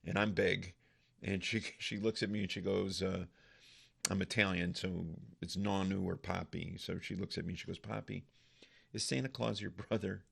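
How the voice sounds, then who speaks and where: A man's voice: deep voice, flat delivery, moderate pace, creaky, a bit bright, breathy edge. An older man, a comedian guest, telling stories in a casual, profane, self-mocking way. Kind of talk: casual storytelling.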